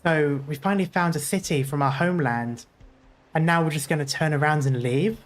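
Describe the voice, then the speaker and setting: A man reading a video game's dialogue and narration aloud, earnest and steady with small slips. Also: a little high, a little fast. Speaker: gaming YouTuber.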